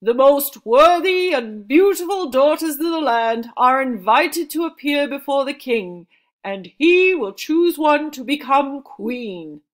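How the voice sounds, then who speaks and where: A royal herald who calls out his announcement in a loud, ringing proclamation, as a woman reading a storybook puts him on. His voice sits high and carries, with slow, stretched words. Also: animated. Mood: proclaiming. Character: booming male royal messenger.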